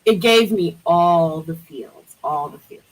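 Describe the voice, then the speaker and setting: A woman's voice: lowish voice, takes it slowly, rough recording. A woman co-hosting a casual chat, playful and teasing. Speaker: co-host.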